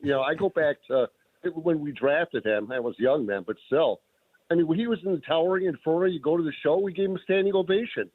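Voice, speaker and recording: An older man in his sixties from the Buffalo area, calling in to a sports radio show. His voice comes through a thin, tinny phone line, a little higher than most men's, and he talks in an easy, chatty way. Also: fast talker. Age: 60s. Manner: nostalgic, chatty. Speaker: caller.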